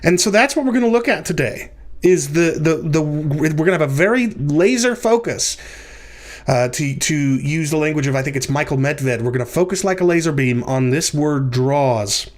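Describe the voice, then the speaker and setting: Man, podcast host, lecture-style teaching, somewhat high voice, fillers and restarts. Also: animated, moderate pace. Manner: explanatory, frequent fillers and restarts.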